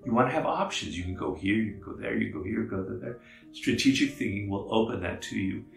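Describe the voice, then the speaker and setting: Man, lowish voice, measured explanatory monologue, roomy echo, faint guitar underneath. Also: a bit bright. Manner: measured, repeats phrases for emphasis. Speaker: author speaking on strategy.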